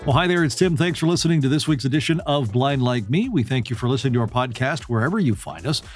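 A man's voice: mid-range voice, animated, quick pace, soft background music. Chatty Canadian man hosting a podcast. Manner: friendly, chatty, with many fillers and restarts. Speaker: podcast host. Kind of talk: casual interview chat.

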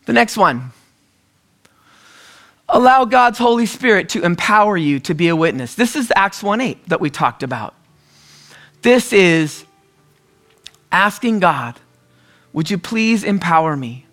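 A man from the US Northwest preaching a conversational sermon, telling stories and often clearing his throat. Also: high voice, very animated, measured pace, long pauses, fairly bright tone, soft background music. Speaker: pastor.

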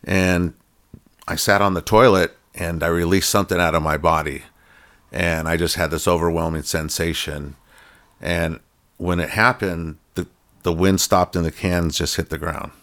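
A man's voice: low voice, fairly even intonation, normal speed, fairly bright tone. A middle-aged man telling a personal story in a casual, rambling way, full of fillers and restarts. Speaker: guest telling his story.

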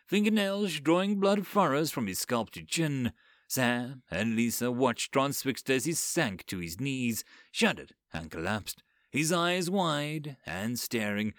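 A man reading a dark fantasy story aloud in an expressive, dramatic way. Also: medium pitch, dry recording, studio quality. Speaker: narrator. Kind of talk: audiobook story narration.

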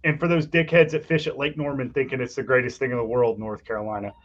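A man's voice: medium pitch, fairly even intonation, fast, lo-fi sound. Profane man spinning a fishing story. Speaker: podcast host. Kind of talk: casual chat.

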